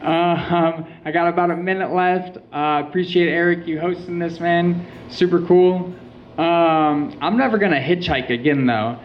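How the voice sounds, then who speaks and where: A young man from Michigan doing a stand-up comedy set, telling stories in a deadpan way with quoted asides. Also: on the high side, normal speed, lo-fi sound, slight background noise. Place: small venue with a live audience.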